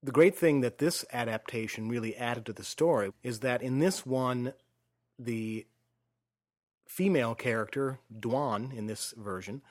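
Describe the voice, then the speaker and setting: Man calmly dissecting an old film. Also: medium pitch, unhurried. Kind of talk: casual film discussion.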